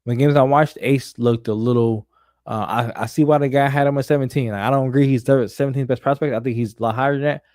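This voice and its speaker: A man's voice: medium pitch, steady tone, fast, darkish tone, dry recording, studio quality. A young man co-hosting a sports podcast, talking emphatically and profanely in casual chat. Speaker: podcast co-host.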